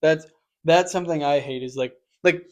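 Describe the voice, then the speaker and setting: A young man in casual podcast chat with a somewhat high voice. He rambles through stories full of fillers and restarts. When he quotes people, he bursts into loud, lively impressions. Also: normal speed. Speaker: podcast co-host.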